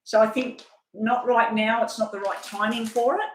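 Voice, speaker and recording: A woman's voice: fairly high pitch, fairly even intonation, moderate pace, echoey room, a little hiss or hum, rough recording. An older woman giving a chatty, rambling live-stream tarot reading, at times talking while she eats. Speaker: tarot reader.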